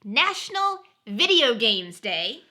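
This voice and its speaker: A woman's voice: a little high, sing-song, takes it slowly, bright, forceful tone. A young woman co-hosting a podcast, upbeat and casual, reading through a list and laughing easily. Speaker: podcast co-host. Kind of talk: casual chat.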